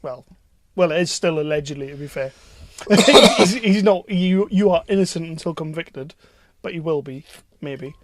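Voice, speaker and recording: A man's voice: on the high side, normal speed, a little mellow, no echo. A young man co-hosting a podcast in casual banter, joking, laughing often and swearing freely. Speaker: podcast co-host.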